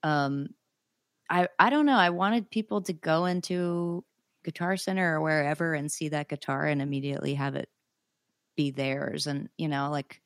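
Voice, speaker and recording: A woman's voice: sits low, normal speed, no echo, clean studio sound. A young woman, a singer-songwriter guest, chatting casually and enthusiastically with lots of fillers. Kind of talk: casual interview chat.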